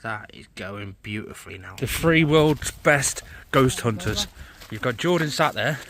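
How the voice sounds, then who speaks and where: A man, chatting excitably to a handheld camera while vlogging outdoors in a forest at night. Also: medium pitch, measured pace, creaky, a crowd in the background. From England. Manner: excitable, chatty, laughs often. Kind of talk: casual vlog narration.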